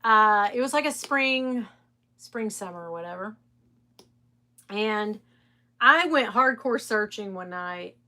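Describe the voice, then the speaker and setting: A woman's voice: mid-range voice, animated, takes it slowly, long pauses, bright, forceful tone. A middle-aged woman, hosting a casual live stream and chatting candidly, swearing freely and laughing often. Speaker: live stream host reselling designer bags.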